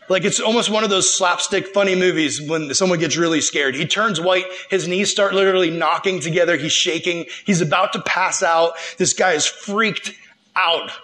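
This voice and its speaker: A young man giving a casual, slangy sermon, retelling a scripture story and acting out the characters' lines. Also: sits high. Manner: animated, slangy, acts out the characters. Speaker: preacher.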